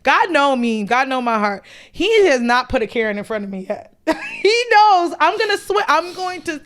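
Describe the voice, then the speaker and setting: A woman co-hosting a podcast, chatting casually and telling stories in an animated way, swearing freely and laughing often. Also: sits high, moderate pace. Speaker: podcast co-host. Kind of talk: casual chat.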